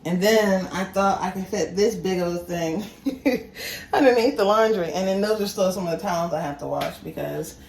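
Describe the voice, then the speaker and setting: In a low-quality recording with a bit of background noise, a young female vlogger jokes her way through rooms at home. She's animated and self-deprecating with laughter, and her pitch swoops upward when she teases.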